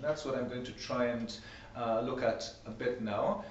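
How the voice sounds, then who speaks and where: A man's voice: medium pitch, normal speed, far from the mic, a little hiss or hum. A man giving an academic workshop presentation in a seminar room, talking conversationally and posing rhetorical questions. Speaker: lecturer. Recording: very echoey, dull room recording.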